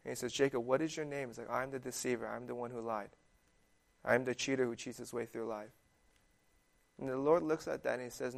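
A man's voice: medium pitch, steady tone, brisk, creaky. A young man giving a casual, conversational sermon that is full of fillers. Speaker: preacher.

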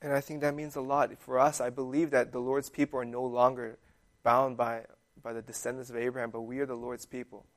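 A young man preaching in a relaxed, conversational way, his talk dotted with "like" and "um." His voice is gravelly with a touch of fry and sits at an ordinary middle pitch. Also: a little fast. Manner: conversational, full of fillers like "like" and "um". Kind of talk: casual sermon.

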